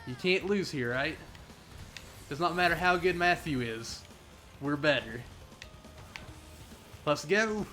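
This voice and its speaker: A young man streams a kart racing game with a bright, forceful voice pitched a little high. He talks through his laps in a playful, teasing way, and faint game music plays behind him. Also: slow pace, pauses often. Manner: playful, jokey, excitable. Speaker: gaming streamer. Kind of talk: live gameplay commentary.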